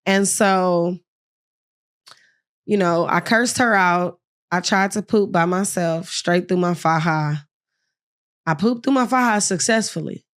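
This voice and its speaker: A young woman guest on a podcast, telling a frank, lively personal story in casual talk and acting out the people she quotes. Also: on the low side, slow, pauses often.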